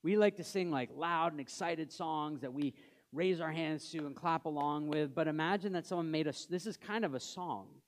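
A male pastor delivers a conversational sermon, putting questions to the congregation and going soft whenever he reads scripture. His voice sits fairly high and moves at a normal pace.

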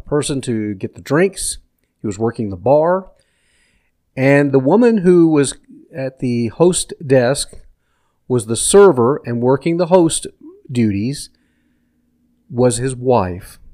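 A middle-aged man calmly recounting a personal story in a casual, conversational way, as a vlogger talking to his viewers. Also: medium pitch. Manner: reflective, conversational, recounts dialogue plainly. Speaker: vlogger sharing personal stories.

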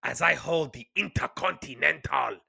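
Boastful male wrestler played by a man, thick put-on Nigerian accent, slow and grand, bright and gravelly. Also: fairly high pitch, no echo, studio quality, heavily acted. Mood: grandiose. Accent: exaggerated Nigerian, put on.

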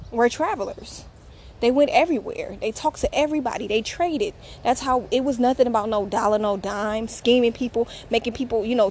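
A woman's voice: fairly high pitch, a little hiss or hum. A woman hosting her own show, talking in a blunt, profane, emphatic casual monologue. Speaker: podcast host.

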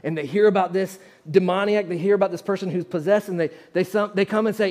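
A man preaching a sermon with a fairly high voice. He talks conversationally, often stopping to restart a phrase and turning to ask the congregation questions. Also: fast talker, hardly any pauses, darkish tone. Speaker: pastor.

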